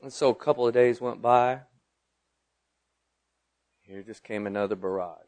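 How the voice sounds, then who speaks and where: A middle-aged man preaching a sermon, moving from loud declarations to quiet personal storytelling. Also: mid-range voice, moderate pace, long pauses. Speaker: pastor.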